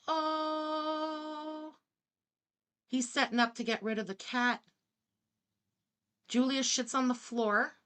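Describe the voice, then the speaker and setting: A woman's voice: mid-range voice, bright, forceful tone. An English-speaking woman doing blunt, sarcastic live-stream reaction commentary, swearing freely. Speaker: streamer reacting to another creator.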